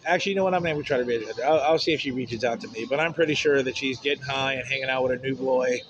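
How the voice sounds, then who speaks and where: A man's voice: medium pitch, very fast, muffled recording, slight background noise. A man ranting bluntly and profanely in a rambling personal vent to camera. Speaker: vlogger.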